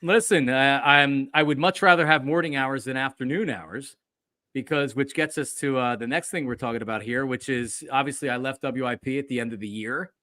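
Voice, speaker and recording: A former sports radio host now runs a casual sports podcast, telling animated stories, acting out quotes, and using plenty of fillers. His mid-range voice moves a little fast, and there is no echo.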